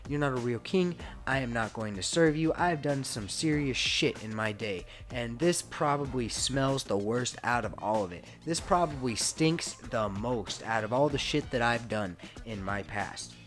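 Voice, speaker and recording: A man doing a deliberately poor imitation of a tough, defiant English wrestler, cursing and refusing to serve his king. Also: medium pitch, lively intonation, a bit bright, soft background music. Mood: defiant angry. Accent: mock English. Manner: defiant, swearing, boastful.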